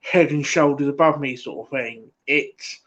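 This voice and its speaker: A man's voice: mid-range voice, a bit bright. Rambling Essex man on a lo-fi stream. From England. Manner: rambling, halting, full of fillers and "mate". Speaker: livestream host. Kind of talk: casual live-stream chat.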